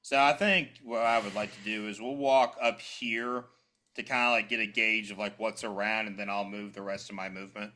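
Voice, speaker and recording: A man playing in a tabletop game, relaxed and thinking aloud as he plans his moves. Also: on the low side, normal speed. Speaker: player. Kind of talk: casual game chat.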